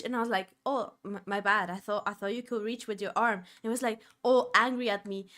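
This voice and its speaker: A woman streamer telling a story in casual chat, dropping to low murmurs and then bursting into loud exclamations. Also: steady tone, fast, hardly any pauses.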